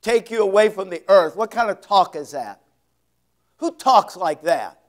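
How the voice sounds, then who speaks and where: A male pastor preaching an expository sermon, reading scripture slowly with heavy emphasis and dropping folksy asides. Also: sits high, expressive.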